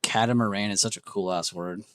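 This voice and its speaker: A man's voice: fairly low pitch, fairly even intonation, a little fast, a bit bright, a little hiss or hum. Man muttering word guesses on stream. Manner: muttering guesses, self-mocking, reacting to chat. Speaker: livestream host. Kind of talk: casual livestream chat while playing a word game.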